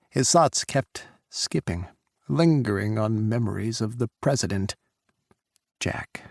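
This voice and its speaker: Male audiobook narrator, gravelly texture, dry close-miked sound. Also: fairly low pitch, no echo.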